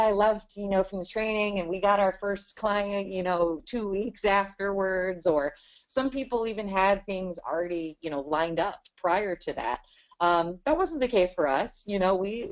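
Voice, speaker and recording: A woman in her thirties, a business owner talking casually in a webinar interview and filling her talk with "you know". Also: fairly low pitch. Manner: chatty, many "you know" fillers. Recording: dull lo-fi webinar audio.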